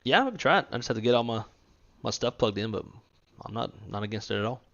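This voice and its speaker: A man's voice: medium pitch, lively intonation, fast talker, vocal fry, a bit bright, dull audio. A man hosting a flight simulator stream, chatting casually with his co-pilot, swearing freely and laughing often. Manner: loose, profane, laughs often. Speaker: flight sim streamer and host. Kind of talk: casual gaming chat.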